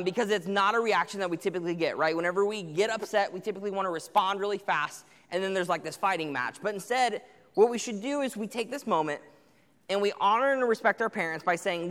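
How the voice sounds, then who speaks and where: Speaking fast in a high, somewhat bright voice, this young man gives teens a sermon in a conversational style. He voices both parents and kids as he quotes them, and a long hall reverb trails his words.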